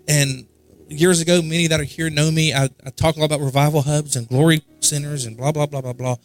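A pastor with a fairly high voice preaches a sermon at a church service, speaking fairly quickly with fairly even intonation. He tells a story conversationally and repeats himself often for emphasis, with soft music playing behind him.

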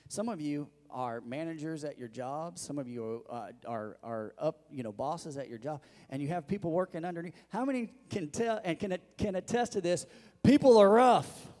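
A man's voice: on the high side, a little mellow, big-room sound. A male pastor preaching a sermon, asking the congregation questions and calling for their responses.

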